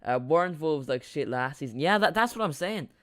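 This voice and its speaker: A man's voice: a little high, lively intonation, brisk, a bit bright. A man streaming a live watch-along, chatting casually in a rambling way, repeating himself and reacting to the play.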